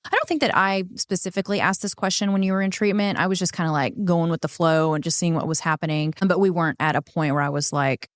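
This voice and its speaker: A woman's voice: on the low side, steady tone, fast, hardly any pauses, dry recording, clean studio sound. A woman co-hosting a podcast who talks in an emphatic, conversational way and sounds exasperated when she pushes back. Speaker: podcast co-host.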